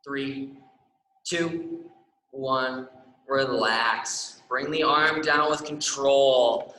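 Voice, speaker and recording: A man's voice: mid-range voice, fairly even intonation, drawn-out words, bright, forceful tone, echoey room, distant mic, low-quality recording. A young man leading a stretching class, upbeat and encouraging, often checking in with the class. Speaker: exercise class instructor.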